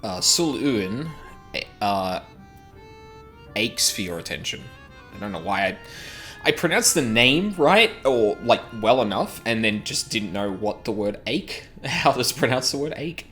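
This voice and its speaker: A man's voice: mid-range voice, animated, unhurried, a bit bright, faint music behind. A man streaming a game, chatting casually, swearing now and then, and reading quest text aloud. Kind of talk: casual chat while playing a game.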